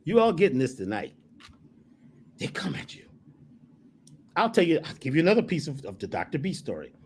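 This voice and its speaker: A man's voice: fairly high pitch, wildly swooping pitch, brisk, a little mellow, slight background noise. A man talking as a spiritual teacher, emphatic and preacherly, repeating phrases to drive his points home. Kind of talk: emphatic storytelling in conversation.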